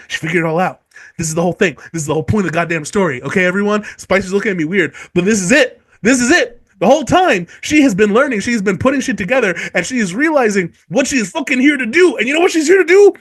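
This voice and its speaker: A man hosting a casual book discussion podcast who talks in an excitable, profane and animated way. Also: sits high. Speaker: podcast host.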